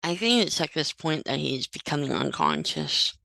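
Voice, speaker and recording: A woman giving a casual, explanatory commentary over video footage, with occasional pauses and fillers. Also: deep voice, very animated, creaky, heavy background noise. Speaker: legal medicine commentator.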